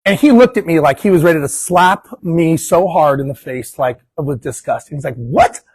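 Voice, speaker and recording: Man, guest speaker, storytelling, acts out dialogue, casual swearing, husky, dry sound. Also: fairly high pitch, normal speed, a little mellow, no echo, low-quality recording. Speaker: guest speaker at investor meetup. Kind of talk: storytelling talk to a live audience. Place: meeting room.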